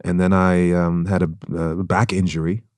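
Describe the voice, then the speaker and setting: A man from Germany with a slight German accent, a guest speaking in a reflective, measured way in a casual interview. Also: deep voice, flat delivery, a little mellow, dry recording. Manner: reflective, measured, with many restarts. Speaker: guest actor. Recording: dry studio sound.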